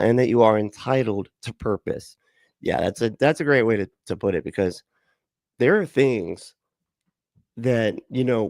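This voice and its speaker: A man's voice: lowish voice, a little mellow, no room sound. A man hosting a livestream, chatting casually, swearing, laughing and rambling with fillers. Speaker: livestream host.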